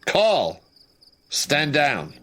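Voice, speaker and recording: Man doing a calm, drawling country leader, pitched up, coaxing. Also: normal speed, faint music behind, natural voice. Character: rural man who found religion, calm leader.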